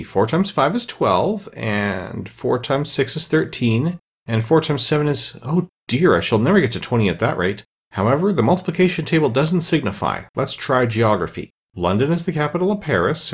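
A man's voice: medium pitch, breathy edge. A man voicing a curious, fretful little girl who anxiously talks to herself in a storybook reading. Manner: anxious, rising exclamations.

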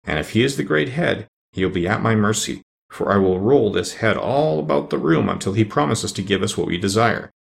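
A man's voice: on the low side, animated, fairly quick, vocal fry, hardly any pauses. A man voicing a cowardly male lion who blusters and pleads in a storybook reading. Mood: boastful. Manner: boastful, pleading.

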